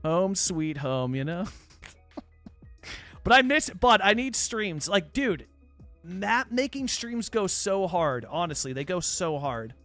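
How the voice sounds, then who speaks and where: A man's voice: high voice, big pitch swings, slow pace, long pauses, bright, forceful tone, faint music behind. A young Canadian man from British Columbia, chatting casually and rambling on a live game stream, full of fillers as he answers viewers. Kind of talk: casual live-stream chat while playing a city-building game.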